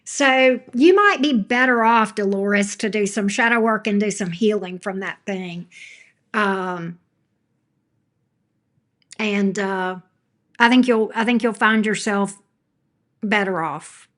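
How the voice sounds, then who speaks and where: A woman's voice: mid-range voice, slow pace, pauses often, a bit bright. A woman tarot reader chatting casually with her viewers from home. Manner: chatty, talks baby talk to her pet. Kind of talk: casual livestream chat.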